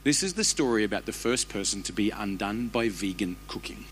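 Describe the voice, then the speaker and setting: A man, preaching a sermon as a pastor with animated, humorous storytelling. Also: lowish voice, fairly quick, a little hiss or hum.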